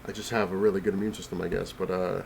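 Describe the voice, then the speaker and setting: Out of breath and ill, this comic-collecting vlogger talks from the couch at home in a loose ramble full of fillers and false starts. He has a low, slightly mellow voice with vocal fry and little pitch movement, and he speaks very fast. There's a faint hiss or hum underneath.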